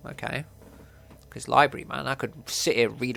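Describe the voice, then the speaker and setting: Gravelly-voiced man playing through a game. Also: mid-range voice, fairly even intonation, moderate pace, bright, forceful tone. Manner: laid-back, jokey, swears casually. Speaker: let's play narrator. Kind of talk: reading game text aloud with casual commentary.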